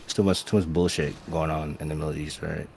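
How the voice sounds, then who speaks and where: A man's voice: a bass voice, steady tone, quick pace, vocal fry, a little mellow, a little hiss or hum. A young man calling in to a livestream, blunt and slangy, repeating "all right?" as he talks. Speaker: caller. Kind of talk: casual call-in banter.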